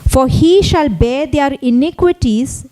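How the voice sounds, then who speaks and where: High-voiced woman preaching with emphasis. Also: a little slow, mellow, low-quality recording. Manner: repetitive emphatic preaching, rising on key phrases. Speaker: pastor. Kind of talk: sermon. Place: church service.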